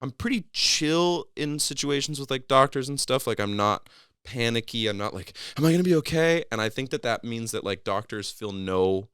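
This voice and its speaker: A man's voice: medium pitch, moderate pace, clear, resonant tone, no room sound, studio quality. A man casually telling a long story on a podcast, acting out the people in it with raised voices. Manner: animated, acts out quoted people in a raised voice.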